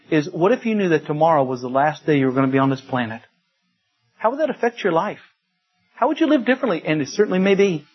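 A middle-aged man with a drawl preaches a sermon, leaning on emphatic repetition and homespun stories. His voice sits fairly high and sounds husky. The recording is dull and lo-fi. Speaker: pastor.

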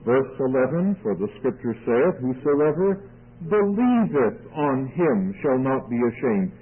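A man's voice: mid-range voice, sing-song, unhurried, breathy edge. A man preaching verse by verse, reading scripture aloud and then explaining it. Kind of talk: radio Bible teaching. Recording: tinny phone-like radio broadcast.

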